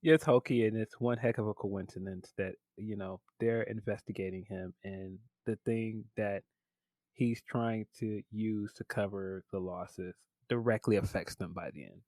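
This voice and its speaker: A man's voice: fairly low pitch, steady tone, moderate pace, a little mellow, no room sound. A man co-hosting a podcast, chatting casually and acting out quotes while laughing. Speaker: podcast co-host.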